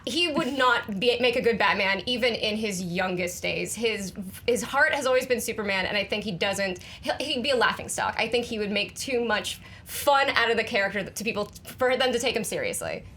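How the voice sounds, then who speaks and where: A woman's voice: a little high, expressive, brisk, fairly bright tone, a little hiss or hum. A woman arguing her point firmly in a comedy movie debate. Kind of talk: panel debate.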